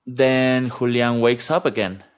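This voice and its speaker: Slow-spoken man. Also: medium pitch, steady tone. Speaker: storyteller. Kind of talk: personal storytelling.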